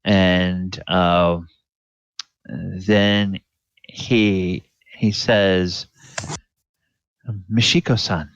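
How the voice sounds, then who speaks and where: A man running a tabletop game as dungeon master, pausing often with fillers as he narrates. His voice is deep and his pace very slow. The recording is dry and dull, as if from a home microphone. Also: steady tone, clear, resonant tone, no room sound. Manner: halting, many fillers.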